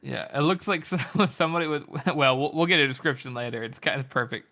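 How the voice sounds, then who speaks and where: Man, bright and sharp tone, jokey and profane; casual podcast co-host. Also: mid-range voice, fast talker. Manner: joking, swears freely, mock-offended. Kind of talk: casual book discussion.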